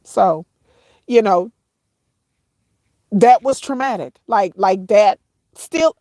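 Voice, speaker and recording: A woman's voice: mid-range voice, mellow, dry recording. Tearful woman telling a painful story. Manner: halting, repeats herself, addresses viewers as y'all. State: tearful, voice breaking at times. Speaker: vlogger. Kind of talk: emotional personal storytelling to viewers.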